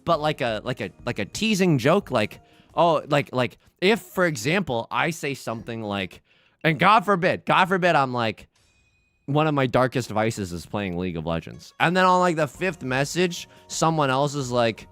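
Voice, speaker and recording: Animated, self-mocking young male streamer. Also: medium pitch, moderate pace, soft background music. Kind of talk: casual livestream chat.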